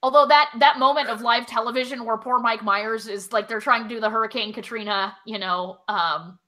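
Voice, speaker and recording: A woman's voice: fairly high pitch, steady tone, a little fast, pushed and bright. A woman co-hosting a comedy podcast, rambling casually, swearing freely and laughing between thoughts. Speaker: podcast co-host.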